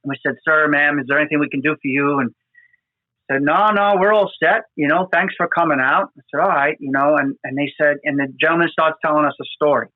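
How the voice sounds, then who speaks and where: A man's voice: fairly high pitch, fairly even intonation, fast talker, dry recording. Earnest man with a tinny, phone-like sound. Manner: earnest, emotional storytelling with many fillers. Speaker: podcast host, FDNY firefighter. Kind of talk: conversational storytelling. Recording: dry, phone-like remote audio.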